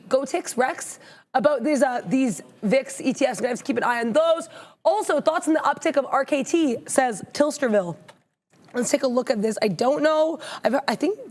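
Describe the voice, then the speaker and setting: A woman's voice: high voice, darkish tone. A woman co-hosting a live trading show, chatty and playful, reading viewer comments and talking through charts. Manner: chatty, playful, reads chat comments aloud.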